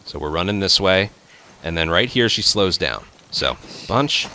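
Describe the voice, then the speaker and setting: A man hosting a speedrun tutorial, explaining step by step in relaxed casual game commentary. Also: deep voice, measured pace, slight background noise.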